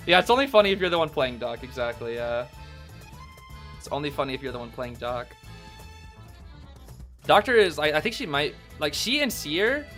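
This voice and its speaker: Excitable young man with a lively voice. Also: sits high. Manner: excitable, shouts and cries out in despair, slangy. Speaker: gaming commentator reacting to a tournament. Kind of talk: casual reaction commentary. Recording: faint background music.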